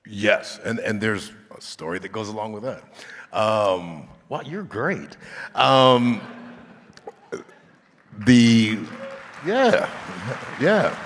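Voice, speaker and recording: Actor guest on a convention panel, an unhurried storytelling man, low voice, echoing big hall. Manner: relaxed storyteller, laughing often. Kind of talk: anecdotal storytelling. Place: large convention stage. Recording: reverb of a large hall.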